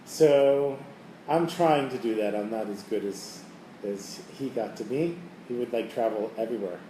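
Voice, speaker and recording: A middle-aged man telling stories to a group in a casual, animated way, acting out the voices of the people in them. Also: lowish voice, normal speed. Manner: casual, animated storyteller who acts out quoted voices. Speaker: teacher leading a holiday preparation class. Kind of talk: storytelling talk to a group. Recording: echoey room, mic at a distance, faint background noise.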